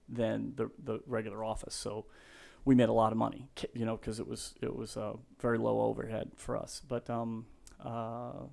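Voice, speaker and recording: A gravelly-voiced man in his fifties, appearing as a guest in a casual interview, tells rambling, animated stories. When he acts out quotes, he jumps into a high yell.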